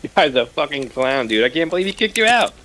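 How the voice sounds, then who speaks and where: Dude in voice chat, quick swearing reactions, bouncy bright voice. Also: male voice, a little high, sing-song, slight background noise. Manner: short, profane reactions. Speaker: friend in voice chat. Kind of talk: casual chat.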